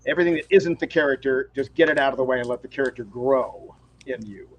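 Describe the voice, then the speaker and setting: A male stage actor speaking thoughtfully and at a measured pace about his craft in an interview. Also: medium pitch, animated, slightly rough, muffled recording. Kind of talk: reflective interview talk.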